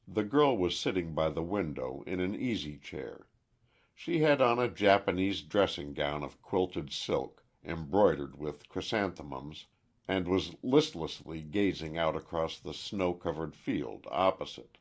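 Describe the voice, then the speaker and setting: Man, audiobook narrator, deep voice, husky, slow, lively intonation. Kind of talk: audiobook reading.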